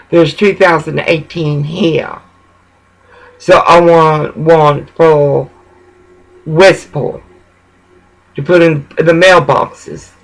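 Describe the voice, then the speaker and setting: A man's voice: a little high, creaky, fairly bright tone, low-quality recording. A man ranting in a rambling, profane monologue about grievances in his town.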